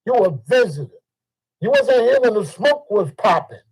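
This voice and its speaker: An older man. His voice sits high for a man. He delivers a heated, profane monologue and circles back to the same points again and again. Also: wildly swooping pitch, moderate pace, vocal fry, darkish tone, husky, low-quality recording. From Chicago. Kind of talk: ranting monologue.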